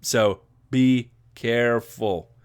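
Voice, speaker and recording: A man with a smooth, mid-range voice speaks extremely slowly while hosting a live lawn care show. Upbeat and folksy, he greets viewers by name and chats casually with them on the stream.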